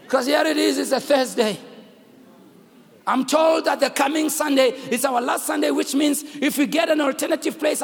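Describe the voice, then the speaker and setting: Pastor preaching loudly in a hall. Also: male voice, very high voice, creaky. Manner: preaching loudly, switching between English and local languages, calling the congregation. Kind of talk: sermon with storytelling. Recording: reverberant hall recording, faint room noise.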